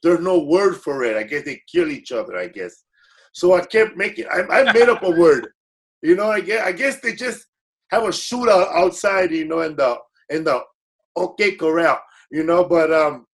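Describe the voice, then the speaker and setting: A man from the United States, a guest comedian telling stories in casual podcast chat and acting out the people he quotes. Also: high voice. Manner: storytelling with quoted voices, relaxed swearing.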